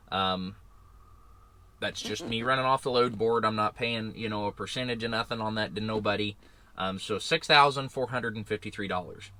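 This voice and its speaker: With no room sound, a man's sharp, mid-range voice comes through. He drives his own truck and rambles casually and chattily in a vlog shot in and around his parked semi.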